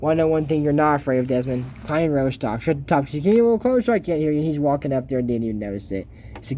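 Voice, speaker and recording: A man's voice: fairly high pitch, lively intonation, fast, mellow. A man giving casual, rambling reaction commentary on a cartoon episode for his YouTube channel, laughing at his own jokes.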